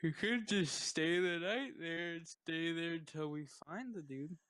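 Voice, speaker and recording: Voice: medium pitch, unhurried, fairly bright tone, smooth, no echo. A player at a tabletop game, playful and full of side questions.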